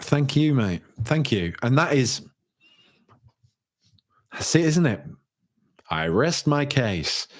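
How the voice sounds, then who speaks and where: A young man hosting a casual solo football podcast, chatting and reading out viewer messages with lots of fillers and restarts. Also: mid-range voice. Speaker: podcast host.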